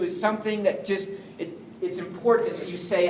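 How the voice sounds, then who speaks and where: A man giving an energetic, jokey sales training talk to a live group, often acting out phone calls. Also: high voice, normal speed, distant mic. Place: meeting room with an audience. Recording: echoey room, voice from afar, faint noise.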